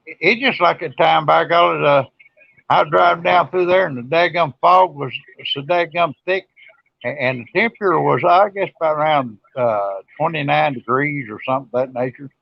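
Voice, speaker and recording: A man, a truck driver, telling a story in a halting, folksy way with many pauses. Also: a little high, gravelly, no room sound. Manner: halting, fills gaps with uh, folksy words. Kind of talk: casual chat on a live stream. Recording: dull lo-fi sound.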